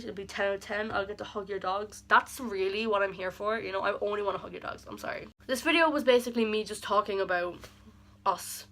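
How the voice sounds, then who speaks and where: Bright-voiced young woman rambling fondly. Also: medium pitch. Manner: rambling and affectionate, heavy use of "like"; emotional, near tears at times. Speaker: vlogger. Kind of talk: heartfelt personal birthday message.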